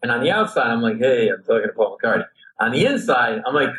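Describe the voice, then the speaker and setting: A middle-aged comedian telling a comic anecdote on a talk show, animated, acting out voices and his own panic. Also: medium pitch, quick pace, husky, low-quality recording. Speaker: comedian guest.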